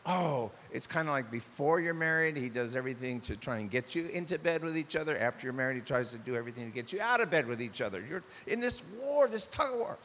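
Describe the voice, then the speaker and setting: A man's voice: medium pitch, sing-song, fairly quick, fairly bright tone. An older man preaching a sermon as pastor, animatedly acting out little dialogues in shifting voices. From United States. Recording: long hall reverb with faint hiss.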